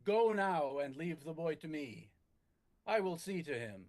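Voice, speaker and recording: A man's voice: a little high, big pitch swings, a little slow, a little mellow. A man voicing a stern, imperious wounded lord in a tabletop game, formal and commanding.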